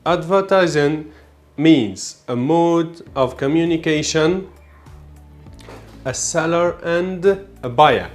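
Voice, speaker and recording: A man with an Algerian accent, an English teacher slowly walking through an exam, repeating key words as he explains. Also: on the high side. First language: Arabic. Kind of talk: exam walkthrough lesson.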